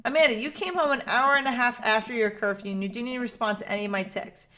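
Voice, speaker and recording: A woman's voice: fairly high pitch, quick pace, pushed and bright. A woman reading a dating-game script aloud as an anxious, rambling middle-aged single father. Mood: upset. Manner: fretful, rambling, self-mocking. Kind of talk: reading a visual novel aloud.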